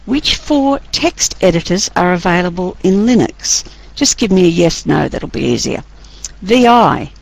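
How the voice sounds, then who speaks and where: A woman's voice: on the low side, animated, unhurried, vocal fry, low-quality recording. A woman lecturing a class, running a chatty, teasing quiz and laughing often.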